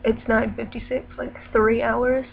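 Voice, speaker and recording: A woman's voice: a little high, level tone, unhurried, vocal fry. A teenage girl vlogging at home, rambling and laughing at herself. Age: late teens. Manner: rambling, self-deprecating, filler-heavy. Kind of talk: casual vlog chat. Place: at home indoors. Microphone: webcam. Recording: dull lo-fi webcam audio with noise.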